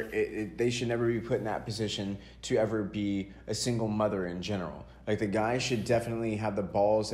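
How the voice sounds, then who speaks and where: A young man from Texas hosting a podcast, telling stories about his childhood in a casual, animated and profane way. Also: lowish voice. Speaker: podcast host.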